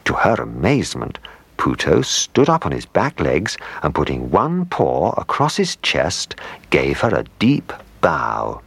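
A man reading a children's story aloud, gentle and animated, with playful asides to the listener. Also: extremely low pitch, measured pace, creaky, slightly rough, no room sound. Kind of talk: scripted storybook narration.

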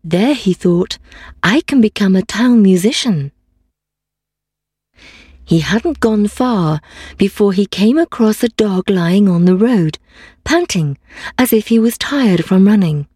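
A woman reading a fairy tale aloud in a calm, measured way. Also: mid-range voice, husky, dry recording, clean studio sound. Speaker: storyteller.

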